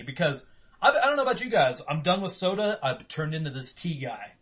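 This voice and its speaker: A young man hosts a casual podcast in a rambling, profane, animated way, his pitch swinging widely over a slightly raised voice. His tone is husky. The audio is dull and lo-fi. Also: fairly quick. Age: young adult. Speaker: podcast host.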